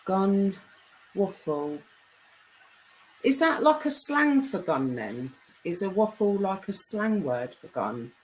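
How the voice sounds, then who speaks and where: A young British woman chatting casually on a live stream, reading out viewer comments; her voice is deep enough to be mistaken for a man's. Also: very animated, slow pace, pauses often, slight background noise, poor audio. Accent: British English. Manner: chatty, reads comments aloud.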